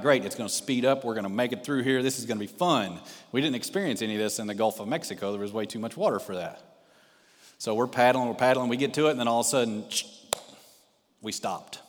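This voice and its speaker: Man preaching in a reverberant church. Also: mid-range voice. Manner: storytelling, asks the congregation direct questions. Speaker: pastor, missionary. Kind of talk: sermon with a personal story. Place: church sanctuary.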